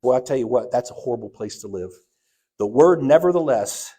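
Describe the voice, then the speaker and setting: A man's voice: expressive, a little fast, warm tone, husky. A man, a church elder, preaching a sermon and telling a personal story, acting out the dialogue with sudden rises and drops in his voice. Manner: storytelling, acts out quoted dialogue with big swings in pitch and volume. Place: church sanctuary.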